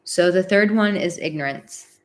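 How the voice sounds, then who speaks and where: A woman's voice: lowish voice, moderate pace. A woman hosting a live advice talk, chatting casually with many "like" fillers and acting out example phrases. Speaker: relationship advice host.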